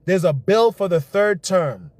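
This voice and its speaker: A man's voice: high voice, animated, a little slow. A young man giving casual, rambling political commentary on a livestream, reacting to chat as he goes. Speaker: livestream host.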